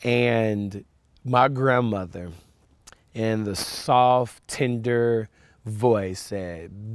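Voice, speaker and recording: Guy telling a story sermon, animated, lots of uh's, goes soft n quiet, dry mic. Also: on the low side, extremely slow, clean tone, no echo. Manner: animated storyteller with fillers and repeats; drops soft and quiet for reflection. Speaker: camp speaker.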